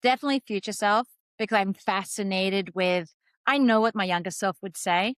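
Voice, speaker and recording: A woman's voice: medium pitch, normal speed, smooth, dry recording. Aussie lady coach, chatty and laughing a lot, dry mic. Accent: Australian. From Australia. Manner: warm and laughing. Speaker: life coach guest. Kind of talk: casual interview chat.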